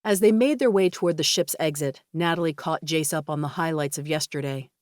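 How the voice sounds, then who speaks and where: This is scripted audiobook narration by a woman with a deep voice. She reads in an even, measured manner, captured in a dry, studio-quality recording.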